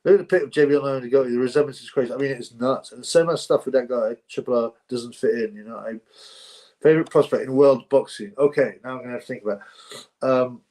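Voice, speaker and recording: A man's voice: mid-range voice, fast talker, a little mellow. A man from England hosting a boxing livestream, reading viewer comments aloud in a rambling, blunt, mocking way with many restarts.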